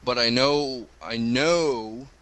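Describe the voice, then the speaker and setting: A man co-hosting a casual podcast, talking excitably and animatedly. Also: medium pitch, takes it slowly. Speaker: co-host.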